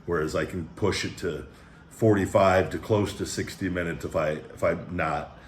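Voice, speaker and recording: A man's voice: sits low, moderate pace, roomy sound, a little hiss or hum. A man hosting a food review vlog at home, talking in a rambling, laid-back way and calling himself the big guy. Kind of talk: casual chat. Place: home room with pet dogs.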